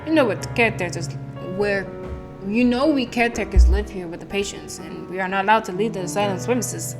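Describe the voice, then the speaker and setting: A woman's voice: medium pitch, fairly quick, over music, close to an everyday voice. A woman voicing a weary, resigned asylum caretaker in a story game, reading in her own plain voice.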